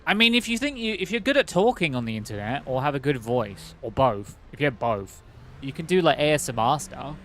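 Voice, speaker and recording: A man's voice: medium pitch, very animated, a little fast, a bit bright, a little hiss or hum. A man streaming a game, chatting in a rambling, joking, self-mocking way. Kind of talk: casual gameplay commentary.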